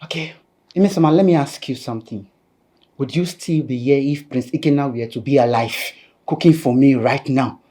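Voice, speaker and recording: A woman's voice: rumbling low, normal speed, warm tone. A woman with a Nigerian accent playing a bitter, scornful woman who orders a visitor out. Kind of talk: Nollywood film acting.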